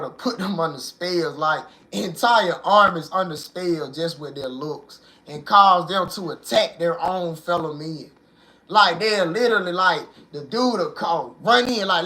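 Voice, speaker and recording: A young man with a high voice hosts his own channel, addressing viewers directly in an animated, slangy monologue full of "bro" and "man."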